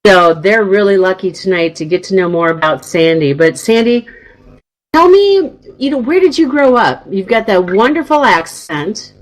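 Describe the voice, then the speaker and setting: A woman's voice: medium pitch, big pitch swings, normal speed, rough recording. A woman hosting a radio talk show, chatty and bubbly, laughing often as she tells stories. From northern United States. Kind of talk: casual radio chat.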